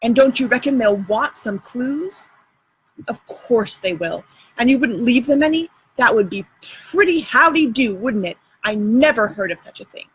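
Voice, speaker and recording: A woman's voice: fairly high pitch, animated, moderate pace, husky, low-quality recording. A woman doing Tom Sawyer, bossy boy. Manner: lecturing, show-off, drawling folksy dialect. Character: boastful boy adventurer, bossy and theatrical.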